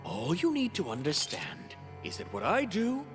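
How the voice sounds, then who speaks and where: An actor playing a pompous, condescending noble knight who speaks in stiff formal phrasing, in an animated series. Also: male voice, high voice, moderate pace, long reverb tail, faint music behind. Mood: haughty.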